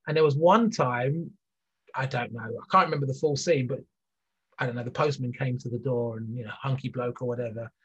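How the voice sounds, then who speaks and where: Husky man, rambling and muffled. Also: mid-range voice, fairly quick. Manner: rambling, many restarts and fillers. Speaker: guest, business leader. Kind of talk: conversational interview.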